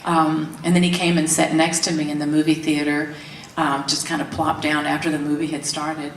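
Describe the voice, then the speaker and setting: Low-voiced woman telling a story. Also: normal speed. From Tennessee, US. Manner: animated, laughs often, acts out quotes. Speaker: interviewee. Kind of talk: candid storytelling interview. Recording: roomy, distant mic, faint background hiss.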